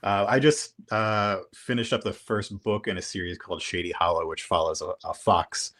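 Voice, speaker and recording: Low-voiced, hesitant man. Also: fairly even intonation, normal speed, a bit bright. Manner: hesitant, many restarts and fillers. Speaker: guest. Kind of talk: casual chat. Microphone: video call.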